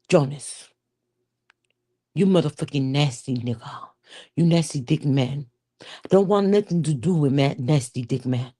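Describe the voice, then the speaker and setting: Scorned woman, low mellow voice, foreign accent, cursing rant, put on by a woman. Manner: foul-mouthed ranting, put-on foreign accent. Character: furious scorned township woman cursing her cheating man.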